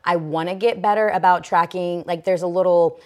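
A young woman co-hosting a podcast, telling stories in casual chat, swearing and halting with fillers. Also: on the low side, steady tone, darkish tone. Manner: chatty storyteller, profane, halting with fillers. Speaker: podcast co-host.

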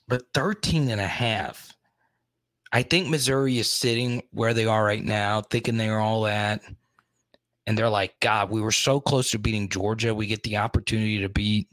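A man's voice: on the low side, normal speed, fairly bright tone, dry recording. A young adult man hosting a casual sports talk show, rambling and thinking aloud, openly frustrated.

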